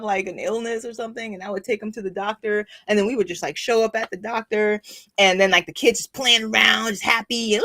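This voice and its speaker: A middle-aged woman, a spiritual coach, telling a rambling, animated story on her weekly livestream, full of fillers. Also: medium pitch, brisk.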